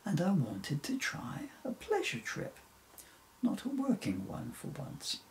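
A man doing a sheepish storybook reindeer, contrite and earnest, lilting up and down, gravelly edges. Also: high-pitched, huge pitch swings, takes it slowly, slight background noise, pitched above the performer's own voice, exaggerated voice. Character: remorseful male reindeer, apologetic and eager.

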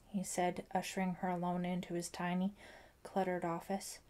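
A woman narrating a suspense novel as an audiobook, in a measured, even storytelling manner. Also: fairly low pitch. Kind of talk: scripted narration.

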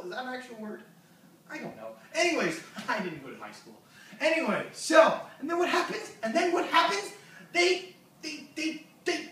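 A man's voice: very high-pitched, bright, forceful tone. A man hosting a comedy show, rambling through a jokey monologue and losing his train of thought. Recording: echoey room, far from mic.

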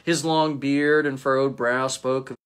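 A male pastor reading a story aloud as a devotion, in a gentle storytelling manner. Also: medium pitch, level tone, measured pace, clear, resonant tone.

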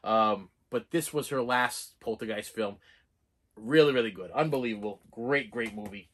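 A man giving casual movie reviews in an excitable, rambling way, full of restarts and fillers. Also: lowish voice, normal speed.

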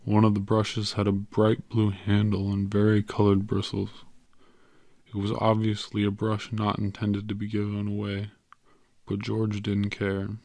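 Low, flat-voiced male narrator. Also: a little slow, creaky, no room sound. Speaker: audiobook narrator. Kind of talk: scripted narration.

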